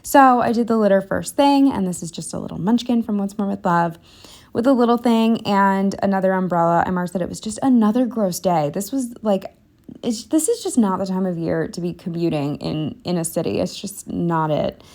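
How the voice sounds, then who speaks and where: Casting: young woman, self-deprecating chatty narrator, average pitch, unpolished. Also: moderate pace, a little mellow. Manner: candid, self-deprecating, rambling with fillers. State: a bit out of breath. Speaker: planner vlogger. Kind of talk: casual voice-over narration.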